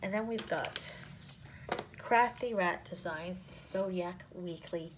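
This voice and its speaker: Gushing woman with a low voice. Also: takes it slowly, a little hiss or hum. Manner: gushing, drifts into soft half-whispers. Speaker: planner sticker shop owner and vlogger. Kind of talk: casual haul show-and-tell.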